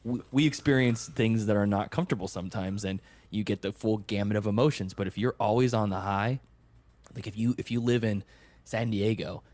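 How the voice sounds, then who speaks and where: Deep-voiced man musing over a film. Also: a little mellow, no echo. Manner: halting, many restarts, thoughtful. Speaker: podcast host. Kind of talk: casual film review chat.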